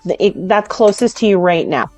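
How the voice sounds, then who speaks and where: A woman's voice: medium pitch, animated, normal speed, darkish tone. Hesitant woman game master, faint music. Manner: hesitant, with fillers and laughs. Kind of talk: narrating a tabletop game.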